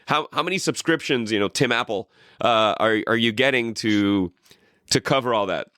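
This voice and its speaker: A man's voice: medium pitch, normal speed, fairly bright tone, no echo, clean studio sound. A man co-hosting a podcast, chatting casually in a rambling, profane way with lots of restarts. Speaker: podcast co-host. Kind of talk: casual chat.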